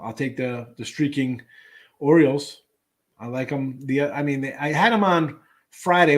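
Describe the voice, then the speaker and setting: Rambling middle-aged sports betting host. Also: male voice, medium pitch. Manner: rambling, conversational, many fillers and restarts. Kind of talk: casual sports betting talk.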